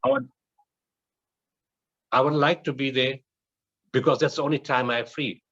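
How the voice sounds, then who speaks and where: Keynote speaker, male, from South Africa, mid-pitched, acts out quotes in lively voices, muffled recording. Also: moderate pace. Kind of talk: keynote storytelling speech. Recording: dull muffled lecture recording.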